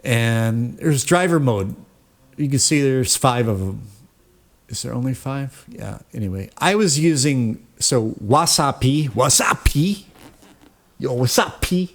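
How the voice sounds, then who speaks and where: This tutorial host walks through a piece of software in a loose, rambling way, correcting himself often and leaning on fillers as he records from his home computer. He has a mid-range voice, expressive and unhurried.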